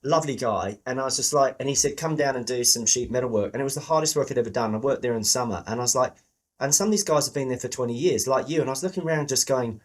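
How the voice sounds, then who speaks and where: A man's voice: mid-range voice, fast. A middle-aged man from England hosting a sales podcast, chatty and enthusiastic, swearing casually. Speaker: podcast host. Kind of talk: podcast interview.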